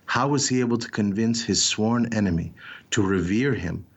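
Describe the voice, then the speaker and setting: A man speaks in a deep, low register as he tells a story. His delivery is intense and dramatic, with frequent pauses and "uh" fillers between phrases. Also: breathy edge, dull audio. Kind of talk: reflective storytelling talk.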